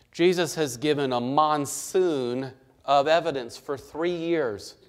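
A male pastor preaching a sermon, emphatic, with rhetorical questions and shifts between soft and loud passages. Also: medium pitch.

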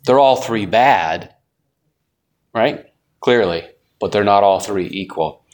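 A man leads a Bible study in a relaxed, folksy way. His voice sits a little low, and he keeps putting questions to the class as he goes. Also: slow pace. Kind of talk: conversational Bible lesson.

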